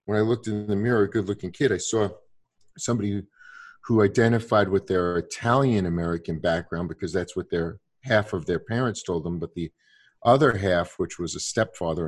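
A man in his sixties in casual conversation, rambling with many restarts and fillers. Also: on the low side.

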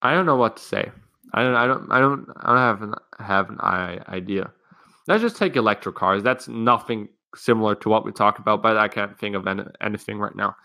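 A man's voice: lowish voice, brisk, vocal fry, sharp tone. A teenage man hosting a solo podcast, rambling frankly and casually with frequent swearing. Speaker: podcast host.

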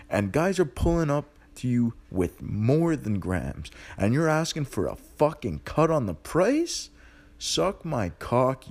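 A young man hosting a podcast, ranting bluntly in profane street slang. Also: mid-range voice. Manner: animated, ranting. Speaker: podcast host. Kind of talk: casual monologue.

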